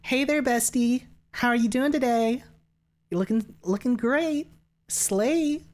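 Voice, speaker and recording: A chirpy valley girl, as a male streamer puts her on, gushing in a high, squeaky sing-song. She sounds bubbly and sweet, and her pitch rises high. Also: slow pace.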